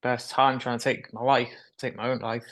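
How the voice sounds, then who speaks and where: Delivering his story flatly at normal speed, this young adult guest has a mid-range, slightly bright voice. He speaks frankly in a candid interview, with occasional nervous laughs.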